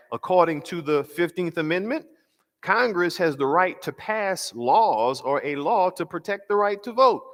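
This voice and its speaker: Measured pastor lecturing in a hall. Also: male voice, mid-range voice, a bit bright. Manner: measured and emphatic, slowing on key phrases; asks rhetorical questions. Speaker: pastor and workshop speaker. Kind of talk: church workshop lecture. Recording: long hall reverb.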